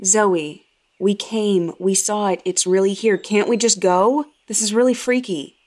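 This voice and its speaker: A woman's voice: mid-range voice, fairly even intonation, a little slow, darkish tone, lightly acted. A woman voicing a frightened teenage girl who pleads with her friend to leave in a spoken horror story. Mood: pleading. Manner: pleading, fearful. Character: frightened teenage girl, the narrator's younger self.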